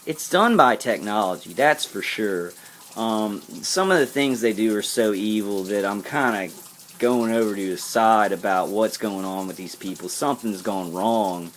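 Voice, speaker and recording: A man's voice: on the low side, moderate pace, a little hiss or hum. A man delivering an earnest spiritual pep talk to camera, rambling and repeating himself. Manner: earnest, intense. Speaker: vlogger.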